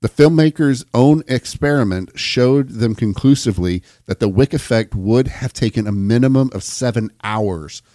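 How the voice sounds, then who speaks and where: An American podcast co-host reads long passages aloud during a casual chat, occasionally stumbling and restarting while joking along. His voice is mid-range and dark, at a normal speed with few pauses, captured in clean studio sound with no echo.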